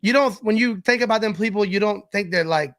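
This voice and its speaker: A man's voice: high voice, fairly quick, a bit bright. A man guesting on a casual sports podcast, laid-back, with lots of "like" fillers. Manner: laid-back, shrugging, says "like" a lot.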